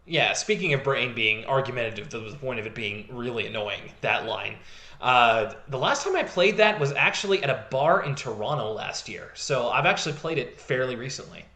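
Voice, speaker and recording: A man rattles through a casual podcast chat, stacking up fillers and laughing easily. His voice is bright and sharp-edged. The room around him has a noticeable echo. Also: mid-range voice, expressive, brisk. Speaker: podcast co-host.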